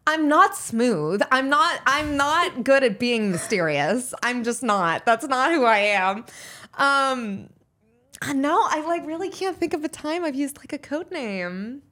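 A young woman in her twenties, a podcast guest chatting casually in a bubbly, expressive way full of fillers. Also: sits high, a little slow. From Pittsburgh, USA. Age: 20s. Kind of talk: casual chat.

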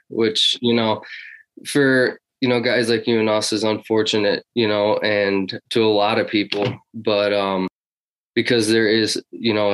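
A man's voice: fairly low pitch, fairly bright tone, low-quality recording. A man talking casually about hunting history in an interview, rambling with many fillers and restarts. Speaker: hunting guest.

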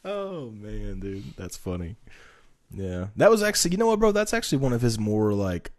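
A man with a deep, low voice chatting casually as a podcast co-host. He jokes constantly, laughs a lot and swears freely, keeping the talk loose and playful. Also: sing-song, moderate pace. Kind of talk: casual chat.

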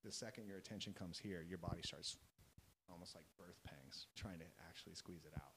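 Fairly quick and low-pitched, the man's voice has a fairly bright tone, though the audio is poor and carries slight background noise. He's a podcast guest who coaches athletes mentally, earnestly explaining and often asking "right?" or "you know?".

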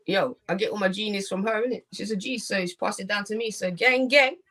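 A woman's voice: mid-range voice, fairly quick, fairly bright tone. A woman, a poet guest in a casual interview chat, slangy and playful, laughing often.

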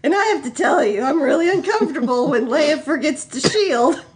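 A woman voicing an uneasy young male hero in a comic fan fiction read-aloud, fretful and high. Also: expressive, a little fast, a little hiss or hum. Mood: worried.

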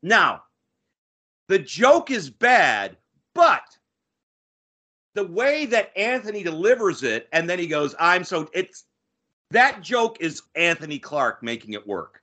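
Bright, animated man recapping a sitcom. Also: sits high, slow, long pauses. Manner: animated, acts out quoted lines. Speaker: podcast host. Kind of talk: casual chat recapping a TV episode.

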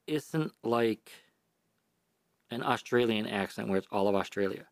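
A man's voice: on the low side, unhurried, pauses often, no room sound. Male podcast co-host with a New York accent, blunt ranter, dry close-mic sound. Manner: blunt, profane, ranting. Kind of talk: casual podcast chat. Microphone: desk microphone.

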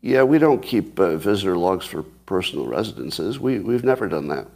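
A man with a fairly low voice talks through the day's headlines on his own. He is sarcastic, swings into mock outrage and chuckles at his own points. He thinks aloud, often breaking off and restarting his sentences. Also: very animated, normal speed, creaky, a little mellow, slightly rough. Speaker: commentary host. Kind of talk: solo news commentary.

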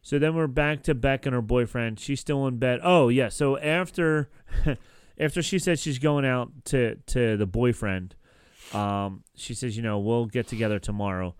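Smooth-voiced man recapping casually. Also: medium pitch, measured pace, no room sound. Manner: rambling, many fillers and restarts. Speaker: podcast co-host recapping a TV episode. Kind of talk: casual chat.

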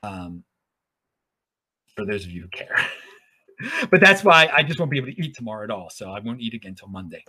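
A man's voice: fairly low pitch, animated, brisk, long pauses, bright, forceful tone. A man from Baltimore hosting a podcast in a casual solo monologue, rambling, often restarting his words and chuckling as he goes. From Baltimore, USA. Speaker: podcast host.

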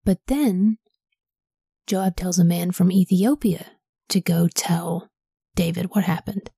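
Breathy woman hosting a whispered Bible reading. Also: lowish voice, fairly even intonation, slow, no echo, clean studio sound. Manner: soft, whispery, asks reflective questions. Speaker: Bible podcast host.

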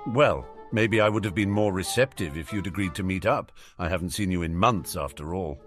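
A man's voice: medium pitch, sing-song, moderate pace, soft background music, pitched above the performer's own voice, lightly acted. A man voicing a moody, indignant adult man on the run, huffy and defensive, in a storybook reading. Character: indignant adult male fugitive godfather, moody. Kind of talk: audiobook character reading.

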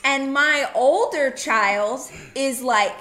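A woman co-hosting a casual chat, telling a family story in an animated way with quick asides. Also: sits high, roomy sound. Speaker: podcast co-host.

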